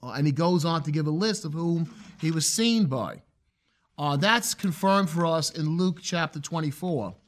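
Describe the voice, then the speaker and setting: A man delivers an expository Bible lesson with a slightly high voice. He speaks earnestly and with emphasis, changing his pace to stress certain points. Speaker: preacher.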